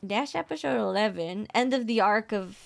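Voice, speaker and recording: A woman co-hosting a casual podcast, recapping an anime episode in a rambling, excitable way and laughing often. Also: mid-range voice, moderate pace, vocal fry, a little hiss or hum. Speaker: podcast co-host.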